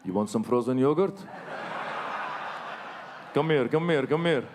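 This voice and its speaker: A man's voice: mid-range voice, lively intonation, a little slow, slight background noise, close to an everyday voice. Man putting on a sly whispering yogurt hustler. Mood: wheedling. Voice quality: hushed, wheedling sales patter. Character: pushy male street hustler selling yogurt.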